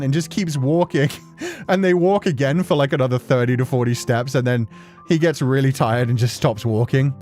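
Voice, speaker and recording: A man's voice: medium pitch, normal speed, a little mellow, soft background music. A young man chatting casually on a stream, telling stories with many fillers and laughs.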